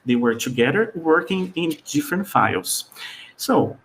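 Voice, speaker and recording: Lively man presenting a webinar. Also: on the high side, unhurried, creaky, a little hiss or hum. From Brazil. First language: Portuguese. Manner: explanatory, frequent "all right?" check-ins and fillers. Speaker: teacher trainer presenting a webinar.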